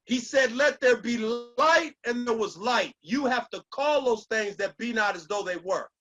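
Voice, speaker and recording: A man's voice: high-pitched, lively intonation, normal speed, fairly bright tone. A man giving a motivational speech with an emphatic, preacher-like cadence and lots of repetition. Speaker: motivational speaker.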